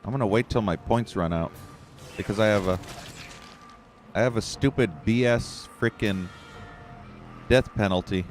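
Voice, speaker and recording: A man's voice: fairly low pitch, normal speed, long pauses, soft background music. A man giving live gameplay commentary, swearing and ranting in frustration at the game. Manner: profane, ranting, easily frustrated. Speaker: gameplay streamer.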